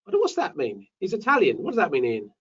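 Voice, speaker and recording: A man's voice: on the high side, wildly swooping pitch, quick pace, breathy edge. A British man hosting a live online property show, chatting and reading out viewers' names. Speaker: host. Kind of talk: live webinar chat. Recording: distant dull mic.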